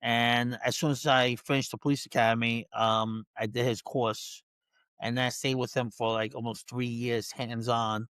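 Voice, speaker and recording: A man's voice: mid-range voice, level tone, normal speed, a bit bright, no room sound. A man with a New York accent, a dog trainer chatting casually as a guest, laughing often and rambling through his story. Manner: laughing, rambling, self-interrupting. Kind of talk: casual interview chat.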